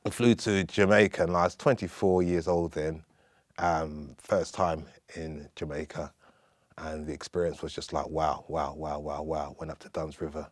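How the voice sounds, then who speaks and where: Guy in his 50s, lively storyteller on an interview show, dry close sound. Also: a bass voice, normal speed, no echo. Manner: animated, acts out other people's voices as he tells stories. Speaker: guest.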